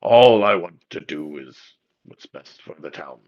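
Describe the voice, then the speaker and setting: A sulky male captive mumbles his words begrudgingly, voiced by a man in a tabletop game. The voice is deep and the audio is dull. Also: big pitch swings, fairly quick, heavily acted. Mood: grudging.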